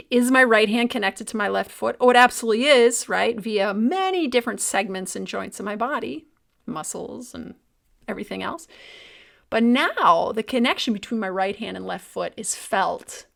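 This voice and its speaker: A woman hosting a solo podcast, talking in a thoughtful, reflective way and at times dropping to a soft near-whisper. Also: mid-range voice, vocal fry. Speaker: podcast host.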